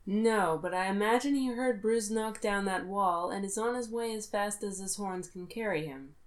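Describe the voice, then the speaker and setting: A woman voicing a soft-spoken calm spy. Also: mid-range voice, normal speed, natural voice.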